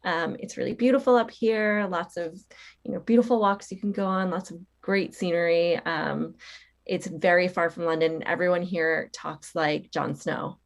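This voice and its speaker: A woman with a Long Island accent, her voice low and a bit gravelly. She speaks as a guest on a video call, chatty and self-deprecating, and laughs easily. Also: steady tone, moderate pace, a little hiss or hum. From Long Island, New York. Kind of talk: casual interview chat.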